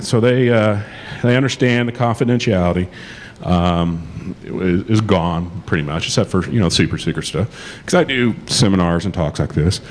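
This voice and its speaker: Addressing a live crowd in a conference hall, a middle-aged man who lectures on law speaks in a voice on the low side, keeping things light and funny. He frequently performs the dialogue he quotes, with slight hiss or hum audible.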